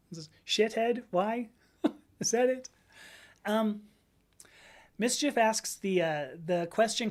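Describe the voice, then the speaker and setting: A woman hosting a livestream, talking in a casual, digressive way while chatting with viewers. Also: medium pitch. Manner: digressive, chatty, stops to greet viewers and read chat; many fillers and restarts, laughs at herself. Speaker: livestream host. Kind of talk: casual lecture-style stream chat.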